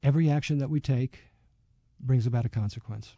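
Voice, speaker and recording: Man, yoga teacher guest, reflective storyteller, very dark mellow voice, dull dry sound. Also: mid-range voice, brisk, no echo. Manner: reflective, storytelling, many fillers. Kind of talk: radio interview.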